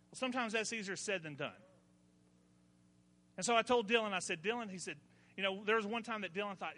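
A man's voice: sits high, fairly quick, pauses often, pushed and bright, long reverb tail. A man, preaching a sermon as pastor, telling folksy stories and building to emphatic points. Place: church.

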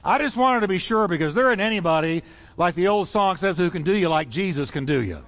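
A man's voice: sits high, animated, fast talker, fairly bright tone. A man preaching a sermon as pastor, fervent and rhythmic, building repeated phrases. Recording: long reverb in a large hall.

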